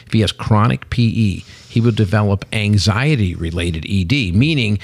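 A man's voice: fairly low pitch, moderate pace, no room sound. A man in his sixties, a company CEO, telling jokey stories in casual chat and acting out the people he quotes. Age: 60s. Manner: animated joking storyteller acting out quotes. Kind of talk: casual storytelling.

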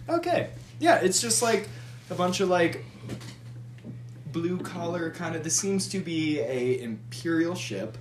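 A man's voice: a little high, sing-song, measured pace, echoey room, slight background noise. A man running a tabletop game as game master, narrating loosely with many fillers.

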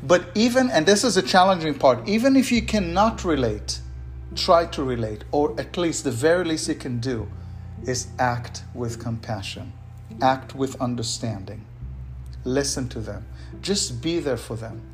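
A man's voice: medium pitch, animated, a little slow, soft background music. A man hosting a solo podcast on leadership, speaking earnestly and encouragingly and repeating key words for emphasis. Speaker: podcast host.

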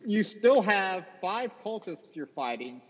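A man running a tabletop game as game master, easygoing and measured as he lays out what happens. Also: high-pitched, big pitch swings, slight background noise. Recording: dull roomy recording with long reverb.

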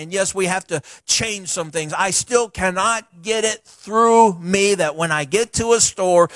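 A middle-aged male pastor delivers a sermon in a folksy, animated style, slipping into chatty asides. His voice sits high for a man. The sound is dry and close, with little room echo. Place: church sanctuary.

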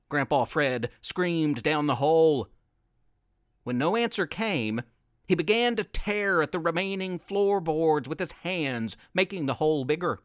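A man narrating a story in an expressive, unhurried reading. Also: on the high side, no room sound, studio quality.

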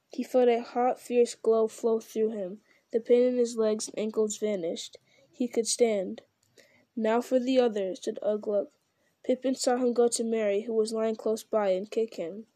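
Woman narrator, storybook reading, steady pace, mellow tone, dry close mic. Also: on the high side, dry recording. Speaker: audiobook reader.

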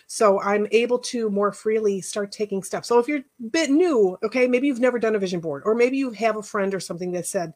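A woman's voice: medium pitch, fairly quick, few pauses, darkish tone. A middle-aged woman, a life coach, giving a casual workshop talk in a chatty, personal storytelling way with rambling asides.

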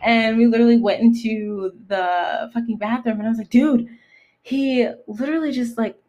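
A young adult woman co-hosting a podcast, chatting casually and excitedly, swearing and saying "like" constantly. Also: on the high side, moderate pace, muffled recording. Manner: profane, excitable, lots of filler "like". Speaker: podcast co-host. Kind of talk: casual chat.

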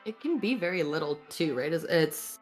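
A woman chatting as a podcast guest, agreeable and quick to laugh. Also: deep voice, expressive, soft background music. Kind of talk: casual chat.

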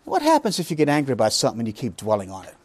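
A man's voice: mid-range voice, wildly swooping pitch, racing. A man preaching a Bible lesson, emphatic, asking rhetorical questions and making joking asides. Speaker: pastor teaching a Bible study. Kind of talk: sermon.

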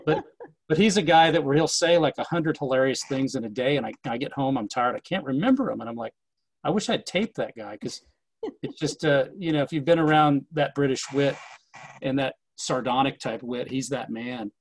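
A man's voice: medium pitch, fairly quick, rough recording. A man in casual conversation about running a historic distillery, rambling with many fillers and restarts.

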